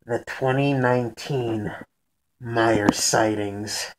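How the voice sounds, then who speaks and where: A man narrating a mock news report, moving from an ominous build-up to lively storytelling. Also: medium pitch, slow pace, noisy background. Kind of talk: scripted mock documentary narration.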